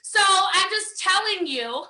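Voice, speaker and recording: An American woman giving a fast, emphatic live training talk, repeating phrases and speaking straight to her audience. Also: very high voice, animated, bright, forceful tone, reverberant. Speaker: network marketing trainer.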